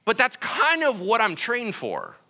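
Bright animated preaching man. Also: very high-pitched, a little slow. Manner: acts out voices in quoted asides; rhetorical "right?" checks with listeners. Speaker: pastor. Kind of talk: conversational sermon.

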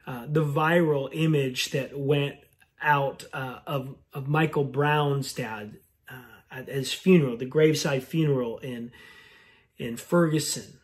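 Middle-aged male pastor, sermon, unhurried delivery, voice sitting a little high. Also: steady tone. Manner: slow, reflective preaching with long pauses.

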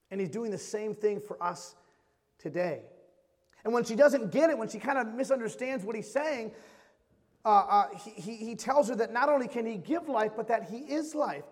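A man preaching a sermon as pastor, impassioned and repetitive, swinging between loud emphasis and hushed tones. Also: sits high, animated, normal speed. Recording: long hall reverb.

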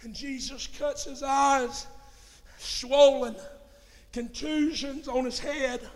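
A male preacher, delivering an impassioned sermon that swings from shouts to hushed tones. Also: very high voice, fairly even intonation, slow. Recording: reverberant hall.

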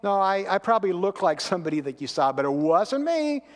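A man's voice: sits high, big pitch swings, brisk. A man voicing the apostle Peter as a frightened man denying his teacher, with pleading, flustered protests. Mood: flustered denial. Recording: long reverb of a large hall.

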